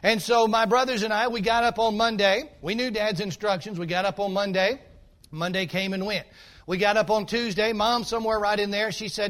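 A male pastor preaching a sermon, telling a folksy, animated story and calling out to the congregation. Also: sits high, moderate pace.

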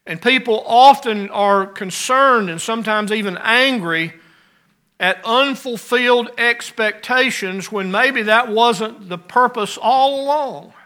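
A man preaching a sermon, rising to emphatic lines and dropping to quiet ones. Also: extremely high pitch, takes it slowly.

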